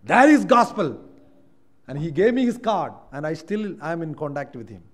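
Emphatic high-voiced Indian preacher. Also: male voice, sing-song, moderate pace. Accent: Indian English. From Kerala, India. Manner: swings from quiet reflection to loud emphatic preaching. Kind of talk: sermon. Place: church hall.

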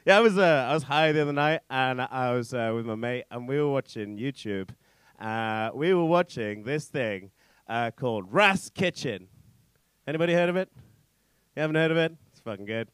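A man's voice: mid-range voice, expressive, normal speed, clean tone, no room sound. Young man with a posh voice doing stand-up. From England. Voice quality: posh-sounding voice. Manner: swearing, rambling, self-mocking storytelling with loud punchlines. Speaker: stand-up comedian. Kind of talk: stand-up comedy set. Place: comedy club stage. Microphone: handheld stage mic.

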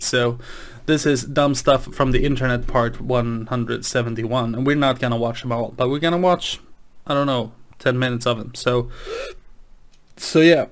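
A man's voice: medium pitch, a little hiss or hum. A man hosting his channel, chatting casually late at night in a rambling, hesitant way with many restarts. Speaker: gaming channel host.

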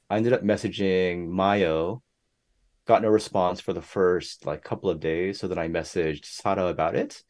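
A young man chats casually and animatedly as a guest on a podcast interview. Whenever he quotes someone else, his pitch jumps up.

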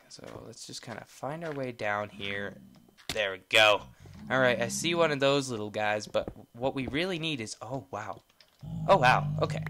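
Excitable man narrating gameplay, noisy mic. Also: mid-range voice. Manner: excitable, jokey, rambling exclamations. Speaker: gameplay video host. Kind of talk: casual let's-play commentary.

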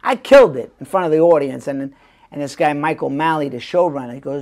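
Gravelly, husky-voiced man telling stories. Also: a little high, fast. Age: middle-aged. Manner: animated storyteller acting out quoted voices. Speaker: guest actor. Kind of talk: casual storytelling interview.

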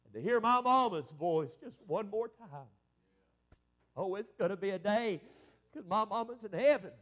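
A man's voice: high-pitched, lively intonation, normal speed, a bit bright. A middle-aged man preaching a revival sermon as an evangelist, building to fervent exclamations.

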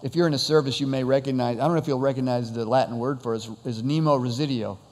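A man's voice: mid-range voice, steady tone, fast talker, a little mellow. Preaching man in an echoing church hall. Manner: conversational preaching with rhetorical questions. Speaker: pastor. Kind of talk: sermon.

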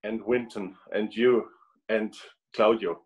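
A man's voice: fairly low pitch, fairly even intonation, dull audio. German guy on a video call, stops and repeats himself a lot while hunting for words. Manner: halting, repeats words while searching for them. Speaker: guest trumpet player. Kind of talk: casual video call chat.

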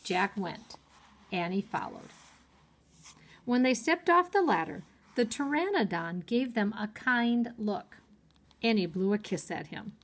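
A woman's voice: medium pitch, lively intonation. A woman teacher reading a chapter book aloud to children and stopping to explain words. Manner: slow and clear, explaining words. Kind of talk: read-aloud storytime for children.

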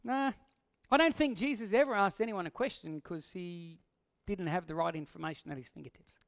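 A man preaching a sermon in a conversational way, asking the listeners questions and acting out quoted lines. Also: sits high. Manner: acts out quoted lines in a raised voice. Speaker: pastor.

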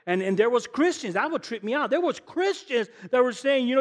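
A man preaching as a guest pastor, animated and emphatic, firing rhetorical questions and slipping in casual slang. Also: very high voice, brisk, few pauses. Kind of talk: sermon. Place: church sanctuary. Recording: long hall reverb in a church.

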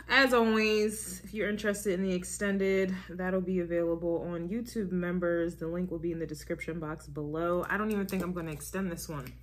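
A woman's voice: lowish voice, fairly even intonation, normal speed, slight background noise. A woman giving a casual tarot reading to her viewers, emphatic and repetitive, often checking in with "all right?" and "okay?". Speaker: tarot reader.

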